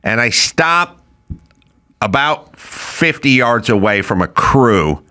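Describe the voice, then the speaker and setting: A man's voice: medium pitch, expressive, slow, bright, forceful tone. A middle-aged man hosting a podcast, telling a comic story in an incredulous rant, now and then mimicking the people in it. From Los Angeles. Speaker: podcast host.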